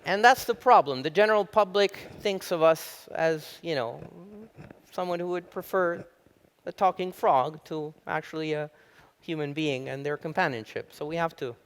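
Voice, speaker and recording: Guy, middle-aged prof, public lecture, gets animated telling stories. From Italy. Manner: animated storyteller, rises high when telling jokes. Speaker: university professor giving a lecture. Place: lecture hall.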